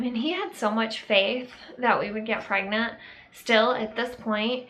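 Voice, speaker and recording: A young woman telling a personal story to camera in a casual vlog, halting and reflective, with many fillers and pauses. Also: fairly high pitch, fairly even intonation, a bit bright, poor audio. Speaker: vlogger.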